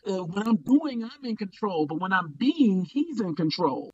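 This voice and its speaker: An older man, a pastor, talking quickly and preacherly in a casual podcast discussion. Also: high voice, big pitch swings, darkish tone, breathy edge, no room sound, dull audio.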